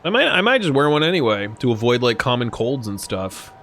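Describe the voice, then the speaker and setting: Young man streamer, tipsy, rambling, swearing, animated voice, faint background noise. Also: medium pitch, fairly quick. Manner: rambling, swearing, laughs often. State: tipsy from drinking. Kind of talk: casual live-stream chat while gaming.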